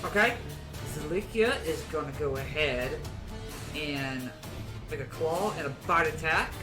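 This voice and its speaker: Man game master with loud music behind. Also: fairly high pitch. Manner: brisk, rules on rolls, narrates hits with sound effects. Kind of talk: running a tabletop game.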